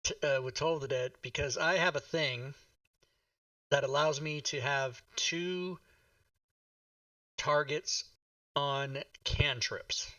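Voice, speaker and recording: Bright-voiced joking man player, slightly distant. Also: on the high side, slow pace, pauses often, dry recording, muffled recording. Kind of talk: casual tabletop game chat.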